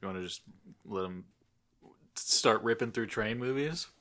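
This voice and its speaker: A man co-hosting a podcast, joking around and throwing out quick movie guesses. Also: fairly low pitch, pushed and bright. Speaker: podcast co-host, guessing player. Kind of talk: casual chat.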